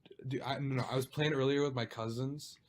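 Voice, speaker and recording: A man's voice: medium pitch, fairly even intonation, fast talker. Young man chatting casually on a podcast. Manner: rambling, jokey, complaining about gaming. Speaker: podcast host. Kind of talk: casual chat.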